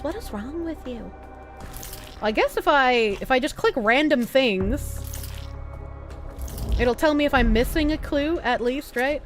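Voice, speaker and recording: A woman streamer giving casual, playful commentary while gaming and chatting with her viewers. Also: a little high. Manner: playful, chatty, reacts to chat.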